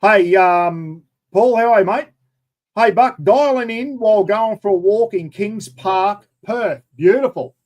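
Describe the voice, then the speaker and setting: A man's voice: high voice, measured pace, darkish tone, poor audio. An Australian man hosting a casual live chat, rambling and chatty, calling everyone mate. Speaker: livestream host.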